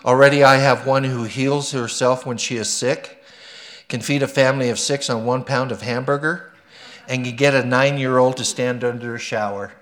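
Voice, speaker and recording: A man's voice: mid-range voice, steady tone, normal speed, fairly bright tone, close to an everyday voice. A man reading God's lines in a story during a sermon, fond and explaining. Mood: proud. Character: God the creator, weary but proud.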